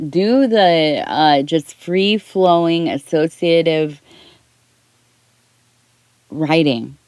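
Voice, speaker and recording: A middle-aged woman giving a soft-spoken ASMR tea leaf reading, rambling and talking in circles, close to the mic. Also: low voice, no room sound. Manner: rambling, talks in circles with restarts.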